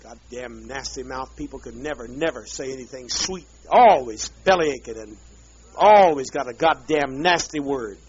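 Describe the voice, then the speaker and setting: A man's voice: medium pitch, expressive, moderate pace. A man leading a group, ranting in a bitter, profane, drawling way. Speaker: leader addressing a group. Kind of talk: angry profane rant. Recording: dull lo-fi archive tape.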